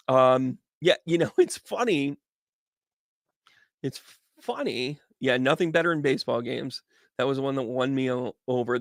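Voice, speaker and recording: A man doing casual live tarot readings as a medium, chatty and animated, greeting viewers by name. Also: on the high side, dry recording, studio quality.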